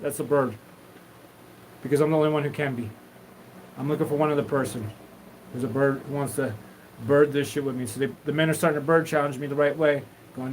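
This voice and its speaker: A man's voice: medium pitch, steady tone, a little fast, a little hiss or hum, rough recording. A man hosting a live stream, talking in a loose, rambling, profane stream of consciousness. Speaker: livestream host.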